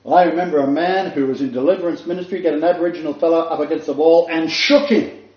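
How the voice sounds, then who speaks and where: A man's voice: fairly high pitch, steady tone, quick pace. Older man preaching a sermon. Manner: earnest, emphatic, with asides and laughs. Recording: dull echoey room recording.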